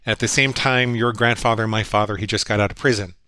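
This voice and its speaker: A man's voice: lowish voice, steady tone, quick pace, pushed and bright, clear, resonant tone, no echo. Earnest man in a dry recording. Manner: earnest, reflective, quotes his own inner voices. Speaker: guest psychologist. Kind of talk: storytelling conversation.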